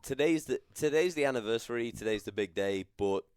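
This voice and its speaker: A man's voice: medium pitch, expressive, a little fast, a little mellow, clear, resonant tone, dry recording. A drunk man hosts a podcast in a home studio, rambling and laughing as he keeps losing his point. His voice swoops up and down a lot, and the sound is dry and close. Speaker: podcast host. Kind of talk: casual drunken podcast chat.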